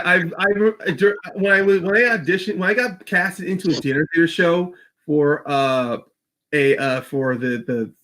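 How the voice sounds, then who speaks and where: A man hosting a casual podcast, his voice sitting somewhat high. He jumps between quick explanations and restarts as he plans out the show. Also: fairly bright tone. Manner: talks fast, with restarts and fillers. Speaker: host.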